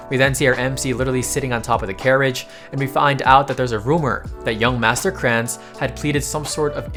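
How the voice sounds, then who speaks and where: A man's voice: medium pitch, fairly bright tone. A man narrating a casual comic recap, tossing slangy, joking asides to his viewers.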